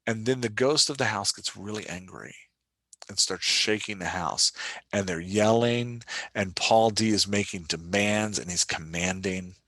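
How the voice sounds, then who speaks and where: Southern man teaching in a bright voice. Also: on the low side, measured pace, no echo. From Louisiana. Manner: self-deprecating, keeps checking in with "right?". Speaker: podcast host. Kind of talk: solo teaching talk on writing.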